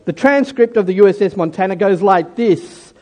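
A man's voice: high voice, expressive, moderate pace, a little mellow. A man preaching a sermon in a jokey, conversational way and talking directly to his congregation. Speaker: pastor.

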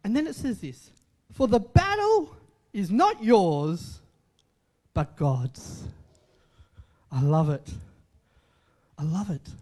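A man's voice: high voice, big pitch swings, takes it slowly, pauses often, a little mellow. A man preaching a sermon in a conversational way, repeating short phrases for emphasis and asking the congregation questions. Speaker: pastor.

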